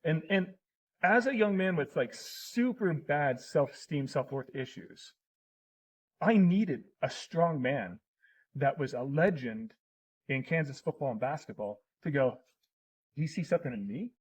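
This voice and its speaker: A man's voice: a little high, expressive, measured pace, husky, rough recording. A middle-aged man in casual conversation as a podcast guest, telling personal stories in an earnest, emotional way.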